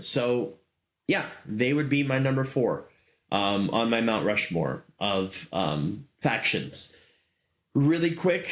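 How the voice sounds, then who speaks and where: A middle-aged man hosting a casual solo talk show, rambling enthusiastically with many fillers. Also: medium pitch. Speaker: podcast host. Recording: roomy echo.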